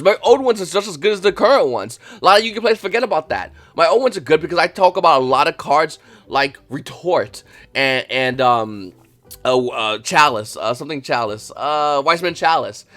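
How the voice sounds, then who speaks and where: A man's voice: on the high side, fairly quick. A man hosting his own channel, giving casual, rambling advice to viewers and acting out little dialogues. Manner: rambling, with many restarts and fillers; emphatic and animated, acts out little dialogues. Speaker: channel host.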